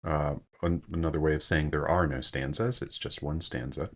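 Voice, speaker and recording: A man's voice: rumbling low, steady tone, normal speed. A man giving a screen-share poetry lesson, thinking aloud with frequent fillers and self-corrections. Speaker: teacher.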